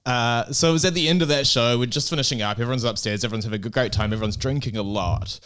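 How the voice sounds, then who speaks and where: A man's voice: mid-range voice, rapid-fire, fairly bright tone, smooth. Easygoing man telling a rambling anecdote. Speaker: comedy club co-owner and podcast co-host. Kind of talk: casual chat, storytelling. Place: comedy club in Barcelona.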